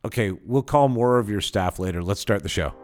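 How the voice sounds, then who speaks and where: A man's voice: fairly low pitch, fairly quick. A man co-hosting a podcast in casual chat, teasing and joking playfully. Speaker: podcast co-host.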